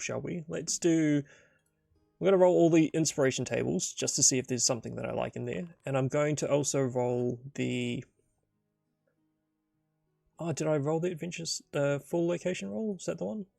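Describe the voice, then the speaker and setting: A man's voice: medium pitch, creaky, darkish tone, no echo, studio quality. A man narrating and thinking aloud through a solo tabletop game in a casual, rambling way full of fillers.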